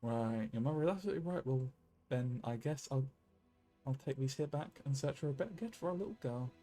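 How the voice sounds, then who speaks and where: Man doing a folksy miner uncle, mellow, mid voice, teasing tone. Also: mid-range voice, expressive, brisk, faint music behind, natural voice. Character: good-natured uncle, a miner, playful. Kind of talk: reading game dialogue aloud.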